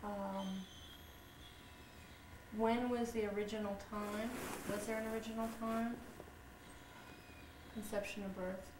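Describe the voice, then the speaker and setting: A woman's voice: mid-range voice, little pitch movement, slow pace, long pauses. Soothing woman coaching from a distance. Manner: soothing, coaxing, repeats short instructions. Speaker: energy healing practitioner. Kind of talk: guiding a live treatment session. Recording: echoey room from far off with loud background noise.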